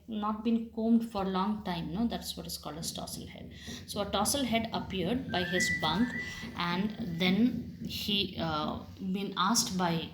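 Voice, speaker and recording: A woman teaching a class. She reads a story aloud and patiently explains its words, pausing with fillers. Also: mid-range voice, a little hiss or hum. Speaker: English teacher. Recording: echoey room.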